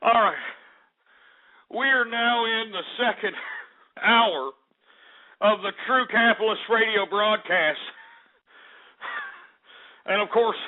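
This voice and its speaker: A man hosting a radio show, ranting and cursing in angry outbursts, sounding winded. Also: high-pitched. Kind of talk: ranting call-in radio talk. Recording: tinny phone-like lo-fi audio.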